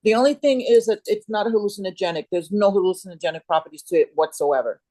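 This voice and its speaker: Middle-aged lady guest rambling casually, mid pitch, dry close sound. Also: fast, warm tone, no echo, rough recording. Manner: rambling, searching for words, many restarts. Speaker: guest, Kambo facilitator. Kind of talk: casual interview chat.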